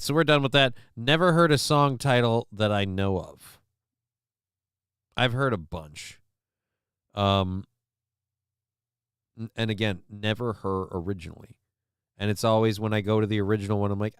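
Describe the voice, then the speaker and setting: A male host rambles through casual commentary, swearing and trailing off with fillers. His voice is bright and smooth. The sound is dry and close. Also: lowish voice, normal speed, long pauses, dry recording. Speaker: show host.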